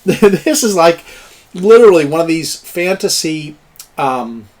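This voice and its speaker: A man's voice: a little high, expressive, measured pace, a little mellow. A man narrating a tabletop game as game master, chuckling and cheering on the players' rolls. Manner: chuckling, encouraging, plays up dice rolls.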